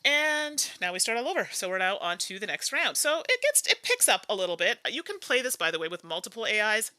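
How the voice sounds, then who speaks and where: Bright, lively woman thinking aloud. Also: medium pitch, brisk, dry recording. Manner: chatty, muses aloud, hums and laughs between moves. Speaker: host playing a solo board game. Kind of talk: casual think-aloud playthrough.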